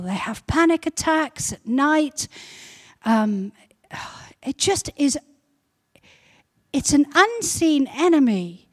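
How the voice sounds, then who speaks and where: A woman pastor giving a sermon, building to loud repeated emphasis. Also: sits high.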